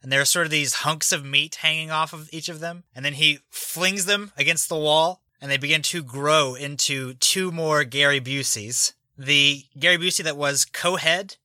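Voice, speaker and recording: A man runs a tabletop game and narrates the action plainly. His voice is very bright and forward, and it sits dry and close on the mic. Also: on the high side, moderate pace, few pauses, dry recording. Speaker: game master.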